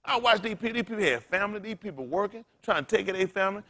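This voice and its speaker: A man's voice: high-pitched, lively intonation, fast, bright, forceful tone. A man preaching a sermon as pastor in a plain-spoken, folksy way, calling out to the congregation and asking it questions as he restates scripture.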